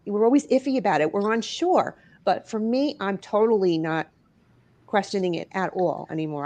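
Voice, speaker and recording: A middle-aged woman from New York tells an emotional personal story in a studio interview. Her voice lifts and sinks with the story, and she speaks at a middle pitch. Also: normal speed. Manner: expressive, rises and drops as she tells the story. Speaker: guest author and paranormal investigator.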